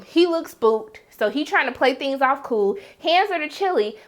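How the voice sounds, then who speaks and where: A woman reviewing a TV episode in a casual recap, telling it with animated, dramatic reactions and slangy talk. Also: high voice. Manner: slangy, conversational. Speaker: TV series reviewer.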